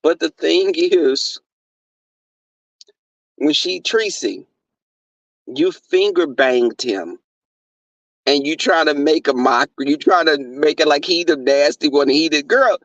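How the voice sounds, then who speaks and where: Young man, high voice, slow talker, brash, profane, gossipy livestream chat, dull dry lo-fi sound. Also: fairly bright tone, no room sound. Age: 20s. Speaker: livestream host reading chat.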